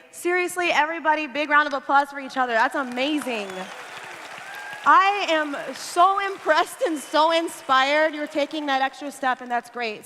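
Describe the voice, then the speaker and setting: Bright, high-voiced woman rallying a crowd. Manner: upbeat, rallying the audience. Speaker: conference speaker. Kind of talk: motivational stage talk. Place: large convention hall. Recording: long hall reverb.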